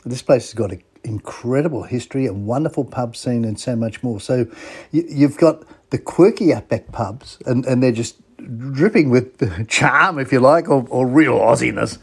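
A man's voice: mid-range voice, moderate pace, husky. A man from Sydney with an Australian accent, hosting a travel radio show in a chatty, enthusiastic, casual way. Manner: chatty and enthusiastic, with frequent restarts.

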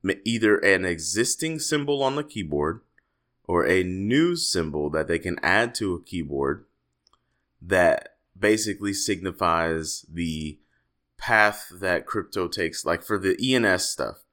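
A man co-hosting a podcast, telling animated, joking stories in casual chat. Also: low voice, a little slow. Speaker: podcast co-host.

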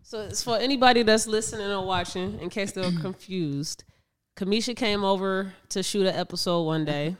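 A woman hosting a podcast, chatting casually and relaxed with frequent affirming backchannels. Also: medium pitch, moderate pace, clean tone. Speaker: podcast host. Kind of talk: casual interview chat.

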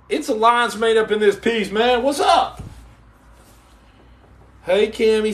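A man hosting a casual live podcast, joking and teasing viewers in slangy talk that drops into low mutters. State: on house arrest. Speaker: podcast host reading live chat. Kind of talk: casual live-stream chat.

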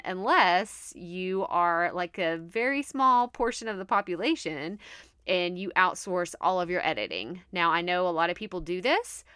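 Woman, Texan accent, podcast host, chatty and upbeat, bright forceful voice, dry close sound. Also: on the low side, clear, resonant tone, no room sound. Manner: chatty, upbeat, laughs often, says "like" a lot. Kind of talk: casual podcast monologue.

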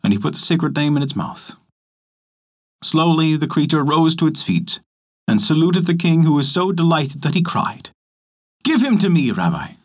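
Husky man telling an old folktale. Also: on the high side. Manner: measured, expressive storytelling. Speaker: storyteller. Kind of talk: scripted storybook narration.

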